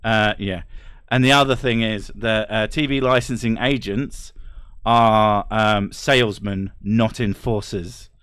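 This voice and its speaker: A man streaming casually, reading chat aloud and ranting bluntly with plenty of swearing and quick laughs. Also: fairly low pitch, fairly even intonation, a bit bright, clear, resonant tone, no echo, clean studio sound.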